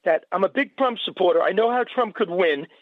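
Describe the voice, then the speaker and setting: A man calling in to a radio show, speaking slowly and gushing with praise for the host. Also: high-pitched, no room sound. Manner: slow, gushing fan. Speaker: caller. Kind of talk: phone-in call. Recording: tinny phone line.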